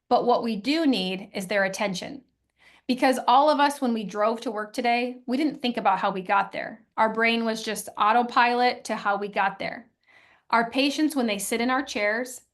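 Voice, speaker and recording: Explaining woman on a webinar. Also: fairly high pitch. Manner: explanatory, casual fillers. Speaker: co-host, dental hygienist. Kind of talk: instructive webinar talk.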